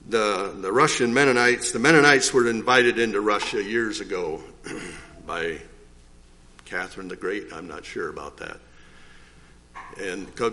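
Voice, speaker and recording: An older man giving a rambling, folksy testimony in church, clearing his throat often. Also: fairly low pitch, fairly bright tone. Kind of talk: informal testimony.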